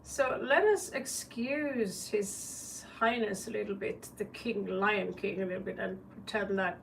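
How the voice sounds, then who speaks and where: A woman's voice: mid-range voice, measured pace, gravelly, a bit bright. A woman with a Norwegian accent giving a casual live tarot reading, chatty and joking, with blunt swearing. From Norway. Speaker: tarot reader. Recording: distant mic with faint background noise.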